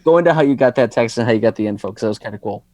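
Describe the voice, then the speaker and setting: A man's voice: mid-range voice, very fast, a little mellow, no echo. Upbeat man hosting a sports podcast. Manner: upbeat, jokey, leads the conversation. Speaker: podcast host. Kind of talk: casual sports podcast chat.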